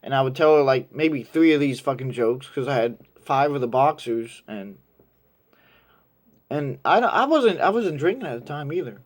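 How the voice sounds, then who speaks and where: A young man telling a crude personal story in a casual, rambling way, animated when quoting others. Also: mid-range voice, normal speed.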